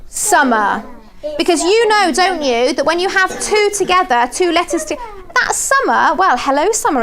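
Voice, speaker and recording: Southern English woman, high voice, phonics teacher, clear and encouraging. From southern England. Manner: clear, encouraging, sounds out words slowly. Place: primary school classroom.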